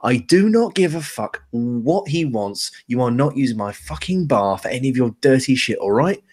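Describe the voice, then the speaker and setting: A man's voice: mid-range voice, animated, normal speed, a little mellow, breathy edge. A man voicing a weary, blunt landlady of a pub. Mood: angry. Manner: exasperated and blunt. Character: weary sturdy middle-aged landlady.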